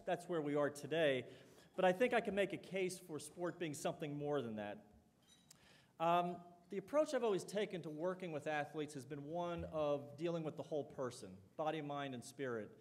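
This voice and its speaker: Guy giving a talk, fairly high voice, lots of hall echo, chatty storyteller. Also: lively intonation, normal speed. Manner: conversational, storytelling, acts out quoted dialogue. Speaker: college president giving a talk. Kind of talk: public speech with anecdotes. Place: lecture hall or dining hall. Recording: long hall reverb.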